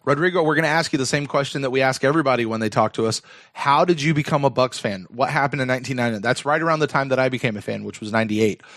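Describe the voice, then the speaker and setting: Podcast co-host, male, mid-pitched, loose rambling delivery with fillers and restarts, dry close mic. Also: very fast, fairly bright tone, dry recording. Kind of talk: casual fan podcast chat.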